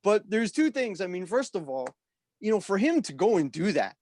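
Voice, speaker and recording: Podcast guest, forties, male, rambling storyteller, salty language, higher voice. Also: moderate pace. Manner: animated, rambling, full of "like" and "you know", swears freely. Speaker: guest musician.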